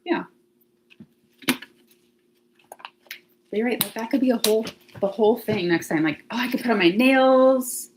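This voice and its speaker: Her voice is on the high side at a normal speed, with frequent pauses and a slight hiss or hum. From her home near the laundry closet, this livestream host talks casually to viewers, thinking aloud and laughing a lot.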